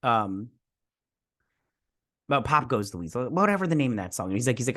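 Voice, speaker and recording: A man's voice: mid-range voice, very animated, normal speed, pauses often, pushed and bright, no room sound, clean studio sound. A man hosting a casual episode review, rambling and hesitant, with lots of fillers and restarts, and often poking fun at his own memory. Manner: self-deprecating. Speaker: show host reviewing a TV episode.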